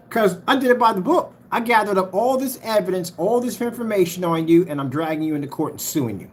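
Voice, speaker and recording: A man's voice: high voice, lively intonation, fast, hardly any pauses, a little hiss or hum. A man hosting a livestream, ranting in a heated, mocking way and talking straight to his chat. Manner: heated, mocking, repetitive, talks to chat directly. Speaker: livestream host.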